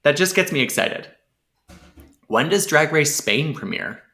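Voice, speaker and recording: A man co-hosting a casual chat podcast with a bright, forceful tone. He talks eagerly and sounds enthusiastic about what comes next. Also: a little high, expressive, unhurried, creaky. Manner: chatty and enthusiastic. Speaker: podcast co-host.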